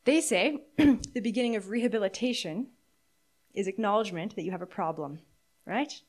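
A middle-aged woman preaching a sermon, earnest and candid, reflective, with halting restarts. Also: medium pitch, darkish tone. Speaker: pastor.

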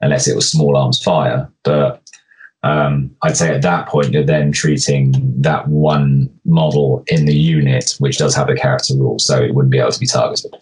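A man's voice: rumbling low, steady tone, normal speed, soft background music. A man co-hosting a casual podcast chat about tabletop game rules, rambling and correcting himself as he jokes. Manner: rambling, self-correcting, jokey. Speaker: podcast co-host.

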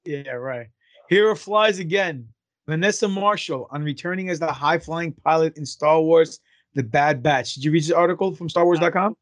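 A man's voice: fairly high pitch, moderate pace, no echo, clean studio sound. A man co-hosting a casual fan podcast, joking and teasing his partner. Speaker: podcast co-host.

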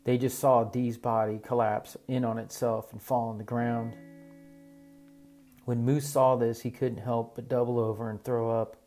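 Guy narrating a story audiobook style, steady, soft guitar in the back. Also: mid-range voice, a little slow. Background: soft guitar music.

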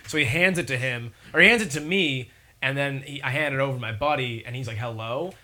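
A young man appearing as a podcast guest talks fast in a medium-pitched voice, casually spinning a long, rambling, profane story. He animatedly acts out the people involved.

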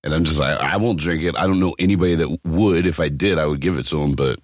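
Man, very deep voice, husky, lively swings in pitch, swearing constantly, dry close sound. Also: fast, no room sound. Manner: profane, animated storyteller. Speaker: podcast co-host. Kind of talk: casual chat.

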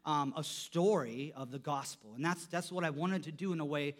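A man preaching a sermon, telling a story, his voice dropping soft for quotes and rising when he stresses a point. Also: normal speed. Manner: storytelling, voice drops low for quoted lines and rises when emphatic. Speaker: pastor.

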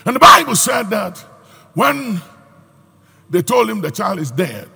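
A pastor preaching a sermon with a raspy voice, rising into shouts and sung phrases. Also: male voice, high-pitched, big pitch swings, measured pace. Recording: hall reverb with faint music.

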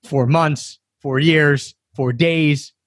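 A male podcast host with a slightly higher voice, recorded close and dry. He speaks with enthusiasm. The chat stays easy and friendly. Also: steady tone, drawn-out words, no room sound. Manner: enthusiastic, friendly, says "man" often. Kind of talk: casual interview chat.

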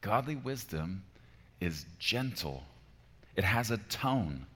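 Male pastor, forties, low voice; emphatic sermon delivery that swings soft to loud, long reverb of a large hall. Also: big pitch swings, slow, husky.

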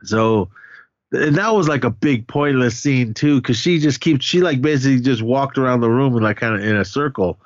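A man's voice: medium pitch, normal speed, no room sound, highs cut off. A man casually retelling a horror film's plot, rambling with lots of fillers. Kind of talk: casual film recap.

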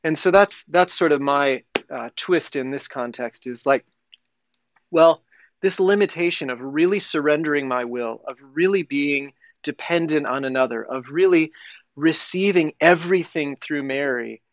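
Reflective priest, higher-pitched man. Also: normal speed, dry recording. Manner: reflective, thinks aloud while explaining. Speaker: priest and guest. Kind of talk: conversational spiritual discussion.

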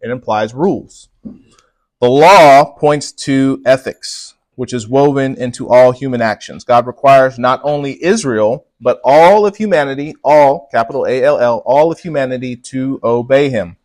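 A man's voice: mid-range voice, unhurried, a little mellow, no echo. A man preaching a sermon to a congregation, pressing hard on key words and asking the room to respond. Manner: emphatic, punches key words, talks with the congregation. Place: church with congregation.

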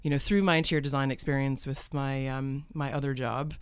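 A woman's voice: a bass voice, fairly even intonation, fairly quick, clear, resonant tone, dry recording. A woman from the United States with a mixed American and British accent, a podcast guest telling her story in a chatty, rambling way with many fillers, in a podcast studio. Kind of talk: conversational interview.

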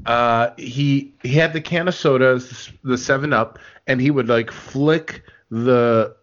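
A man co-hosting a casual podcast, telling rambling stories in an excitable way and laughing often. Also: medium pitch, a little slow. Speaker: podcast co-host. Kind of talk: casual chat. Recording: dull lo-fi podcast audio.

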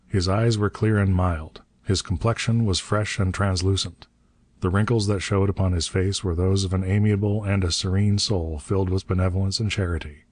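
Deep-voiced man narrating an audiobook. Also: a little mellow, no echo.

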